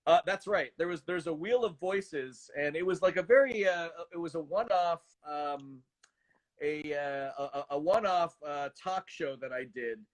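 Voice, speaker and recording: A man in his thirties, a voice actor chatting as a guest, animated and self-deprecating, often stammering and restarting. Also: on the high side, normal speed. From Canada. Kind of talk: casual interview chat.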